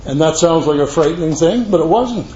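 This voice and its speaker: Speaking to a live audience in a meeting room, an older man at a recovery meeting shares his story in a brisk, expressive, somewhat high and slightly mellow voice. His storytelling is rambling and earnest, sprinkled with folksy asides, and the echoey, dull lo-fi recording carries a faint hiss.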